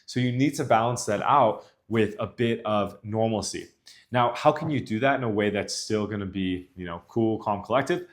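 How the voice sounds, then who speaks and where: Young man, dating coach, lowish voice, assured instructional delivery. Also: normal speed. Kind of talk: instructional talk to camera.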